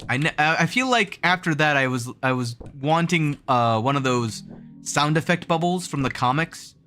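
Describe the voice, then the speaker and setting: Lively, bright-voiced young man streaming a game. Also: on the high side, normal speed, soft background music. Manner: chatty and self-mocking, laughs often, reads chat aloud; counts jump timing aloud in a rhythmic sing-song. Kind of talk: casual gaming livestream chat.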